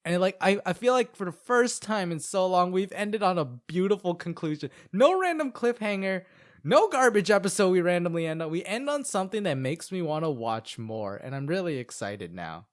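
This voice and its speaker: A man's voice: sits high, big pitch swings, normal speed. A man co-hosting a podcast, recapping an anime in a chatty, rambling way full of filler words. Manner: chatty, rambling recaps with many "like"s and acted-out quotes. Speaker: podcast co-host.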